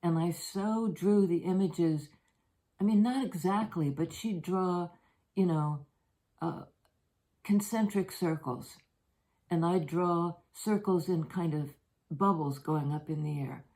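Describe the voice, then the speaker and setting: An older woman and grandmother giving a tarot reading, talking in a soft, meandering, personal way with many fillers. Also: on the low side, slow, rough recording. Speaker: tarot reader. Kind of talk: reflective spoken reading. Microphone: handheld or propped camera.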